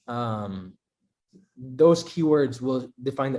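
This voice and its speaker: Young filipino guy, chatty and easygoing, lots of ums, mid-pitched voice. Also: normal speed. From Philippines. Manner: relaxed and chatty, with frequent fillers. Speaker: actor guest at a press conference. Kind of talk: casual interview answers, mixing English and Filipino.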